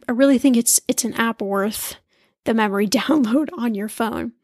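A woman hosting a podcast in a chatty, animated way, laughing easily as she talks. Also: fairly high pitch, dry recording, clean studio sound. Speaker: podcast host. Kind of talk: casual chat.

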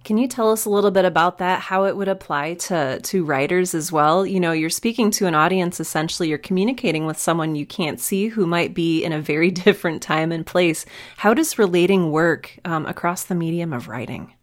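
A woman's voice: lowish voice, fairly quick, hardly any pauses. Female host, eager and friendly, introduces the guest and asks questions. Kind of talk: interview hosting.

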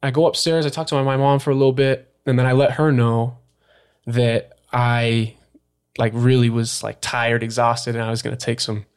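A young man recounts an old experience as a podcast guest. He speaks at an everyday middle pitch, loose and casual, and his sentences keep stopping and restarting around little fillers. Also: level tone, smooth. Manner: halting, full of "like" and restarts. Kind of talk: storytelling in a casual interview.

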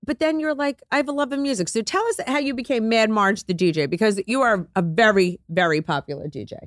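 A woman hosting an interview, asking halting questions that are full of fillers. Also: on the high side, dry recording, studio quality. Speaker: podcast host. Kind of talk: conversational interviewing.

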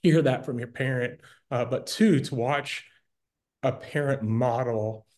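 A man's voice: medium pitch, a little slow, a little mellow. A man in his forties, a guest on an interview show, telling his own story candidly and earnestly, often restarting his sentences. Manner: earnest, candid, repeats words when starting a thought. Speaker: nonprofit founder, guest.

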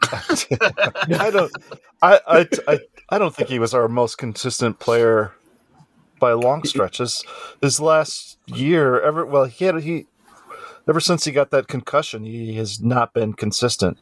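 A man's voice: medium pitch, unhurried, dry recording. A man co-hosting a casual podcast, teasing dryly and stumbling over restarts. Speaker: podcast co-host. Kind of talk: casual chat.

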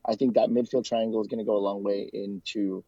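Dull audio with no echo captures a fairly low, mellow voice that barely shifts in pitch. An American soccer fan and podcast co-host, he is a chatty guest in a casual interview, speaking in fast bursts with many fillers and restarts.

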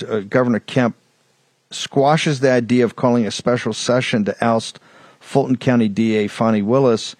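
A man's voice: mid-range voice, no room sound. A man hosting a political talk show, brusque and urgent, cutting in and moving things along.

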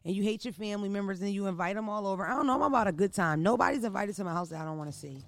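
A woman's voice: mid-range voice, animated, rapid-fire, no echo, studio quality. Blunt, profane woman podcast host. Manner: loud, blunt and profane, ranting. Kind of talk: casual podcast chat. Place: indoor recording room.

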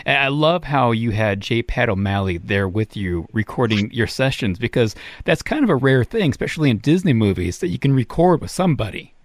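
A man's voice: mid-range voice, very animated, a little fast, hardly any pauses, dry recording. Enthusiastic male interviewer, dry sound. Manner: enthusiastic, frequent reactions. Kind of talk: interview questions.

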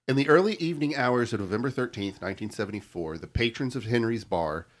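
A man's voice: medium pitch, animated, fast. A man co-hosting a podcast, steadily reading out a crime story in casual chat and stumbling over hard names. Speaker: podcast co-host telling the story.

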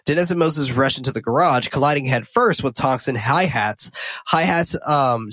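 A man co-hosting a podcast, casually recapping a movie scene by scene, swearing freely and getting loud and excited when he jokes. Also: medium pitch, dry recording. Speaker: podcast co-host recapping a film.

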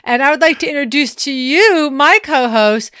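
A woman's voice: high voice, expressive, moderate pace, sharp tone, no echo, clean studio sound. A woman co-hosting an advice podcast in casual chat, playful and teasing, often laughing. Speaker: podcast co-host.

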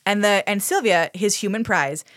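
A woman's voice: medium pitch, normal speed, fairly bright tone, dry recording, clean studio sound. Sarcastic, swearing woman podcaster. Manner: profane, sarcastic, lots of fillers. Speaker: podcast co-host. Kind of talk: casual episode recap.

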